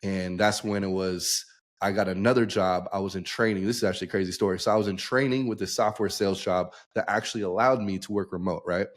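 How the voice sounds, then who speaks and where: A man's voice: sits low, fairly even intonation, fast. A young man, a podcast guest, telling his story casually and acting out the dialogue he quotes. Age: young adult.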